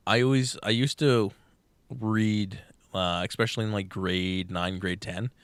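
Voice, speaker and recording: A man's voice: lowish voice, fairly even intonation, a little slow, clear, resonant tone, no room sound. A young man co-hosting a podcast, telling a long crude joke casually, swearing often and acting out the characters. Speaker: podcast co-host.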